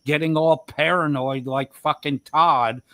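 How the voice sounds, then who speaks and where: A man with a fairly high-pitched voice argues hotly and swears at his opponent without letup. The sound is dry and close, with no room around it. He berates and talks over the other person. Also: fairly even intonation, measured pace, a bit bright, no echo. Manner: profane, aggressive, berating. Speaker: livestream debater. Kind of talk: heated livestream argument.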